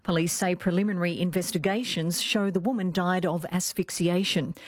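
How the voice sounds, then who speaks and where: A woman with an Australian accent reading a radio news bulletin in a crisp, measured way. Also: fairly low pitch, steady tone, darkish tone. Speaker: newsreader. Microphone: studio microphone, dry.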